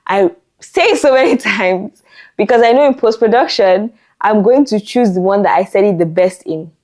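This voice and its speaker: A woman's voice: medium pitch, animated, normal speed, darkish tone. A young woman vlogging casual advice on making content, chatty and laughing easily as she talks. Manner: chatty, laughs often, repeats lines. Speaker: content creator. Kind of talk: casual talking-head vlog advice.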